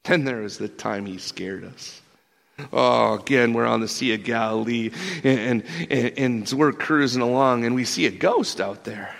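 A man plays an excitable fisherman apostle who talks like a laid-back dude, tripping over his words in his hurry to tell the next tale. His voice is bright and forward, with a gravelly fry at the ends of phrases. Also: mid-range voice, a little slow. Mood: excited storytelling. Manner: slangy, animated storyteller, stammering restarts. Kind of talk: first-person character monologue.

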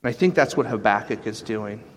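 A man preaching a sermon, animated, acting out quoted voices with sudden jumps in pitch. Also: fairly quick, a little hiss or hum. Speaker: pastor.

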